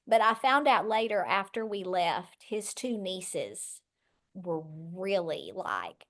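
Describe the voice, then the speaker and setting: A middle-aged woman from West Texas, guesting on a podcast and telling her story with animated voices for the people in it. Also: fairly high pitch, takes it slowly.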